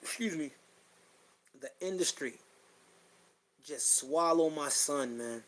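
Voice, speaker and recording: A middle-aged man with a fairly high-pitched voice talks bluntly into his podcast mic. He swears freely and circles back on his own phrases as his feeling rises and falls. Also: slow pace, fairly bright tone, low-quality recording. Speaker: podcast host. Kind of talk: blunt personal monologue.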